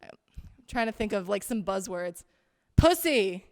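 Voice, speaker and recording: A woman's voice: mid-range voice, fairly even intonation, normal speed, gravelly, heavy background noise. A young woman performing a stand-up set on a theater stage with a handheld mic, chatty and self-deprecating, full of "like". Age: young adult. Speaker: student stand-up comedian. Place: theater stage, tiny live audience. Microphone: handheld stage microphone. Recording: long reverb of a theater hall.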